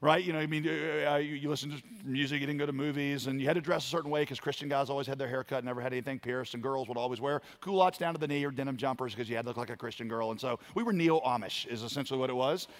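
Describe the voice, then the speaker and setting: A man preaching a sermon, building to loud emphatic lines and dropping to quiet ones. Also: medium pitch, racing, hardly any pauses. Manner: emphatic preaching, dramatic swings in volume. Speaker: pastor.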